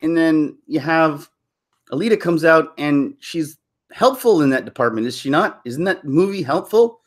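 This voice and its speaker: A man chatting on his live stream in a rambling, jokey way, laughing often. His pitch swings up and down freely, and he strays off topic. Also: lively intonation, moderate pace. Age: middle-aged. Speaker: channel host. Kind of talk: casual live-stream chat.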